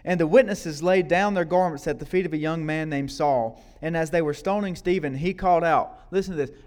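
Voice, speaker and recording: Man preaching conversationally. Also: high voice. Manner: conversational, tags lines with "right?" and repeats words; questions and prompts the congregation. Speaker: guest preacher. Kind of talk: sermon. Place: church service before a congregation.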